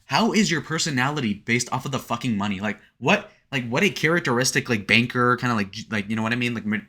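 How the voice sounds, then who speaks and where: Sarcastic young man with a bright voice. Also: mid-range voice, expressive, fast. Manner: crude, sarcastic, filler-heavy with "like". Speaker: online commentator. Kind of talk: casual reaction commentary.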